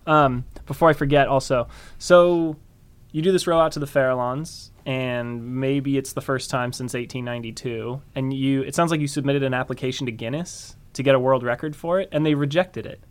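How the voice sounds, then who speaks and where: A man hosting a casual interview, relaxed, asking questions and giving short encouraging replies. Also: medium pitch, normal speed, hardly any pauses, clean tone. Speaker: interview host.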